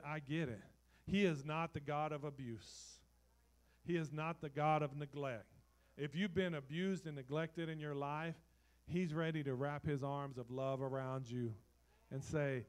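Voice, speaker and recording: A man preaching in a church sanctuary, his somewhat raised voice climbing into loud, dramatic bursts. He then drops to a soft, intimate tone as he speaks straight to the congregation. It is a lively, heartfelt sermon delivery. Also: on the high side, measured pace. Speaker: pastor.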